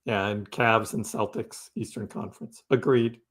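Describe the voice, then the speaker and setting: A man's voice: fairly low pitch, fairly even intonation, moderate pace. A man hosting a live crypto stream, chatting casually and answering viewers' messages as he reads them. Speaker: crypto livestream host. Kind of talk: casual livestream chat with viewers.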